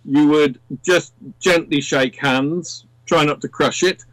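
An English man with a southern English accent talks easily in a casual radio chat. His voice sits a little high for a man, and the sound is dry and close to the mic. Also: steady tone, slow pace, no room sound, low-quality recording. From England. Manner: chatty, slips into other accents.

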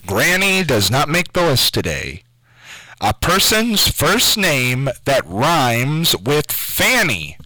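Radio quiz guy taking calls, slow and bouncy, bright tone, dry studio sound. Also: a little high, sing-song, dry recording, low-quality recording. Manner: slow and deliberate, spells names out letter by letter. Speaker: radio call-in quiz host. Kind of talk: call-in radio quiz show.

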